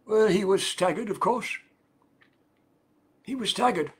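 A man's voice: high-pitched, a little slow, husky. An older man preaching a sermon, telling a personal story earnestly with emphatic repetition.

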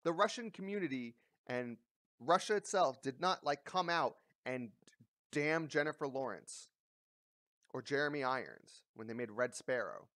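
A man's voice: medium pitch, animated, normal speed, a bit bright, no echo, clean studio sound. A man giving a casual, blunt ranting commentary, mocking and swearing freely as he talks. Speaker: commentary vlogger. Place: lives in a big coastal city.

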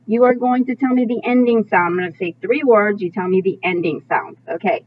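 A woman teaching a phonics lesson to young children, slowly modeling each sound and praising often. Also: medium pitch, slight background noise. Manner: slow, drawn-out sound modeling with frequent praise. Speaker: kindergarten teacher. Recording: tinny phone-like audio.

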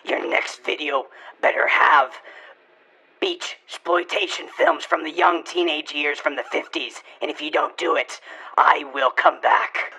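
A woman's voice: deep voice, fairly even intonation, a little slow, sharp tone, husky, full character voice. A woman voicing a pushy, teasing female intruder in a comedic overdub of a silent film. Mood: menacing. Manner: teasing, pushy, swings to mock menace. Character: pushy amnesia-minded woman intruder, playful and clingy.

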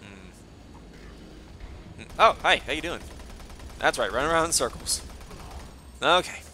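A man commenting on his own gameplay, excitable and joking, swearing often and taunting the enemies. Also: a little high, measured pace, background noise. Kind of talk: let's play commentary.

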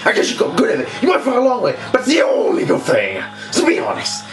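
Man doing a taunting evil box spirit, cackling, wildly swinging pitch, echoey room, game music behind. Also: wildly swooping pitch, quick pace, full character voice. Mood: mocking. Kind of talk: reading game dialogue aloud in a put-on voice.

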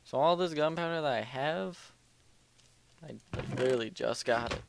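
A man's voice: medium pitch, moderate pace, creaky, noisy background. A young man casually commentating his gameplay at home, rambling, joking and muttering to himself as he plays. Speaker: let's play host. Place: home room at night.

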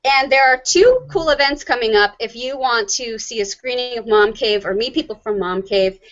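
A woman hosting a live online show, chatting casually and rushing through announcements. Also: a little high, fairly bright tone. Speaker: host. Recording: dull lo-fi sound.

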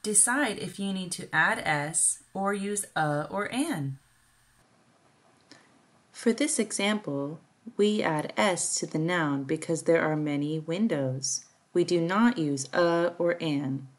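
A woman from Kansas with a Midwestern American accent, giving a careful, clearly enunciated English lesson for beginners. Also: on the low side, slow. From Kansas, USA. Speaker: English teacher. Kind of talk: slow scripted ESL lesson.

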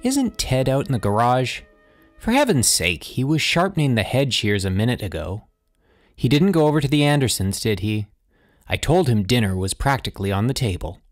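A man voicing an anxious, scolding suburban housewife and mother in an audiobook, somewhat higher than his own voice. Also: very animated, normal speed, dry recording, clean studio sound, faint music behind, natural voice. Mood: worried. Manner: sharp, fussing and scolding. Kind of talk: audiobook character voice.

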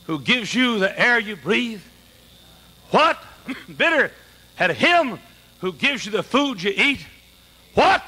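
A male preacher delivers an impassioned sermon with a very high voice. His tone is bright and forceful. He drives his points home with rhetorical questions and frequent shouts.

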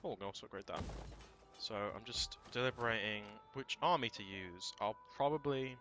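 A man thinking aloud through a strategy game, casual and prone to swearing and sudden shouts. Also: fairly low pitch, normal speed. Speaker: let's play gamer. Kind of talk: casual gameplay commentary.

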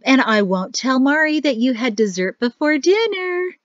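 A woman's voice: sits high, big pitch swings, moderate pace, no echo, pitched above the performer's own voice. Woman doing a sing-song fussy old mother-in-law. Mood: doting. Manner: sing-song, chirpy and pushy. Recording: dry, slightly muffled audio.

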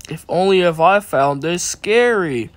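A man's voice: sits high, animated, unhurried, no room sound. A young man casually commenting on his gameplay in a laid-back, chatty way and teasing his in-game pet. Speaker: gaming channel host. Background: loud game music.

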